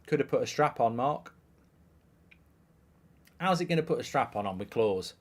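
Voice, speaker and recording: A thirtysomething man hosts a live football watchalong, chatting loosely between plays and reading viewer questions aloud, which he answers drily and offhandedly. His mid-pitched voice has lively intonation and moves at normal speed.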